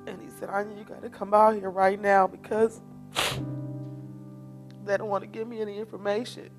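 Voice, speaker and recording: A woman's voice: medium pitch, flat delivery, normal speed, soft background music. A middle-aged woman, a bereaved mother giving an emotional personal testimony, tearful, her voice rising as she tells it.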